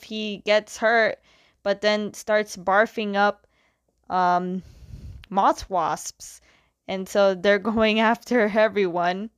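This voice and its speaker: A woman chatting her way through a story's plot, lively and loose, with plenty of "like"s. Her voice is smooth and clear, recorded close in a dry room. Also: medium pitch, no room sound. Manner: chatty and animated, many "like"s. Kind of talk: casual plot retelling.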